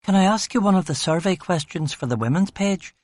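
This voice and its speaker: A man's voice: high voice, lively intonation, fairly quick, no echo, pitched above the performer's own voice. A man voicing a chatty young woman in an audiobook, teasing and sentimental. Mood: playful. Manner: teasing, giddy questions.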